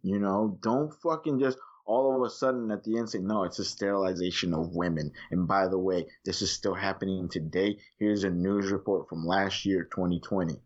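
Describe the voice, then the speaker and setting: Animated swearing man on a slightly dull recording. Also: low-pitched, moderate pace, few pauses. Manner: animated, swears freely, acts out his own reactions. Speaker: podcast co-host reviewing movies. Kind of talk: casual chat.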